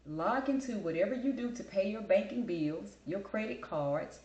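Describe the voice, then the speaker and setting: A woman's voice: medium pitch, expressive, normal speed, a little mellow, echoey room, rough recording. A woman hosting a casual chat show, telling a story in a blunt, emphatic, talkative way. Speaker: host.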